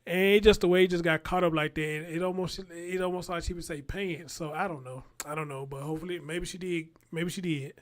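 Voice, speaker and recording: A man's voice: a little high, steady tone, brisk, few pauses. A man, rambling in casual live-stream commentary and talking straight to his viewers. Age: 40s.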